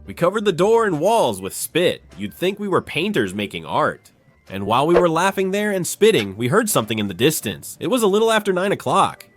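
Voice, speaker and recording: Male storyteller, animated and slangy, fairly high voice, faint music behind. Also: a little fast. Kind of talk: comedic storytime narration.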